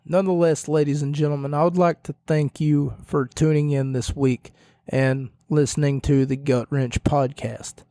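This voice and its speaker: A man hosting a solo wrestling podcast, rambling and correcting himself with jokes, his voice a little hoarse. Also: fairly high pitch, fairly even intonation, moderate pace, dark tone, dry recording. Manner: rambling, self-correcting, jokey. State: slightly hoarse, losing his voice. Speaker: podcast host.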